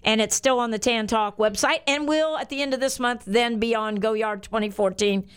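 Older american lady hosting christian talk radio, bubbly and chatty, voice a bit high and smooth. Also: moderate pace. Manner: bubbly, chatty, reads out phone numbers and web addresses. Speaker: radio show host.

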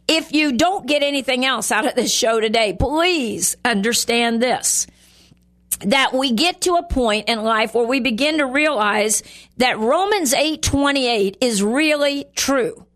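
A woman's voice: on the high side, a bit bright. A woman teaching a Bible lesson on her show in an earnest, conversational way, acting out the lines she quotes. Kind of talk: sermon.

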